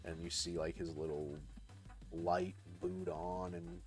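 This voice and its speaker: A man's voice: deep voice, level tone, measured pace, a little mellow, soft background music. A young man casually retelling a story on his live art stream, rambling with lots of fillers and swearing. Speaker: livestreaming artist.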